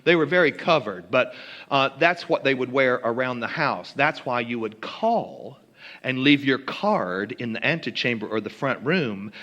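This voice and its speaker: A man's voice: mid-range voice, pushed and bright, long reverb tail. A man from Kentucky giving a humorous storytelling talk with dry, mock-genteel wit and ornate wording. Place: church hall.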